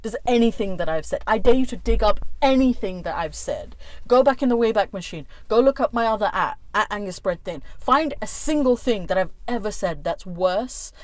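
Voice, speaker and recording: This angry vlog comes from a woman YouTuber in a warm indoor room, her medium-pitched voice animated as she curses heavily and stresses each word in fury. She talks at a normal pace, and the audio is dry.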